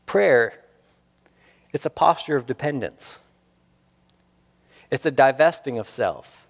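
A man's voice: medium pitch, animated, slow pace, vocal fry. Male pastor, mid-range voice, earnest sermon delivery with rhetorical questions, long hall reverb. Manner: earnest, rhetorical questions, repeats key lines for emphasis.

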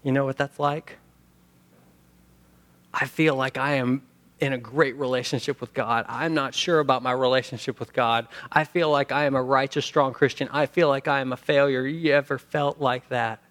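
A male pastor preaching a sermon, animated, acting out the quoted lines with sudden shifts between loud and soft. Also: mid-range voice, normal speed. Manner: animated, acts out quotes, sings hymn lines.

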